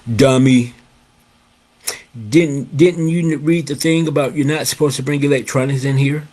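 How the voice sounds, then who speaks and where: A man's voice: medium pitch, steady tone, moderate pace, warm tone, close to an everyday voice. A man doing a taunting schoolboy bully. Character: rude boy in eighth grade, a bully.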